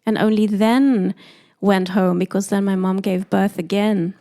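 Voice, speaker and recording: A woman with a South African accent, a doula telling her story in a podcast interview, animated and quoting people in lively voices. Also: medium pitch, unhurried. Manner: animated, acts out quoted voices.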